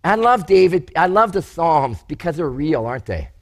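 A male preacher with a fairly high voice delivers a sermon. He tells stories with energy and acts out the lines of the people he quotes. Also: normal speed. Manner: animated, storytelling preacher who acts out quotes. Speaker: pastor.

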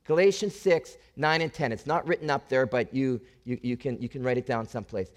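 Animated man preaching a sermon. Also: mid-range voice, a little fast. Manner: animated, conversational, talks to the congregation with repeated questions. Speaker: pastor.

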